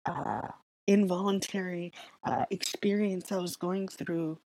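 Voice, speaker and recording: A woman hosting a podcast, speaking in a soft, halting, reflective personal monologue with frequent pauses and fillers. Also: on the low side, no echo. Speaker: podcast host.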